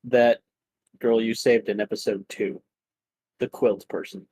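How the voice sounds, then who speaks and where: A man runs a tabletop game in a relaxed, easygoing way, chuckling between lines and slipping gently into side characters. His voice is husky and a little breathy. The sound is dry, with no room around it. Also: lowish voice, unhurried, dry recording, low-quality recording. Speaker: game master. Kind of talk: running a tabletop game over voice chat.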